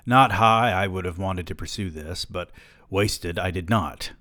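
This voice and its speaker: Deep-voiced man reading a novel aloud. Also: a little slow, sharp tone, no room sound. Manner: dry, profane, sardonic asides. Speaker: podcast host reading a novel.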